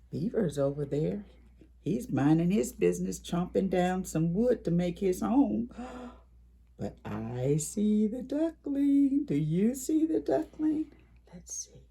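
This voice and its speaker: At a library storytime, a woman animatedly reads a picture book to preschoolers, gasping and whispering asides to the little ones. She speaks slowly in a husky, mid-range voice with vocal fry.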